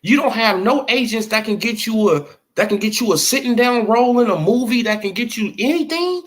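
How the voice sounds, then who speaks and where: This boxing commentary vlogger has an expressive voice and speaks at a moderate pace. He gives casual, slangy opinions, asks again and again if you feel him, and acts out imagined dialogue in a swinging pitch.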